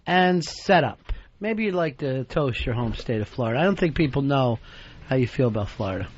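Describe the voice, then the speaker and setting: A man's voice: medium pitch, very animated, quick pace, a little mellow, dull audio, slight background noise. A man hosting a talk radio show, blunt, profane and teasing as he takes calls. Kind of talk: casual talk radio banter.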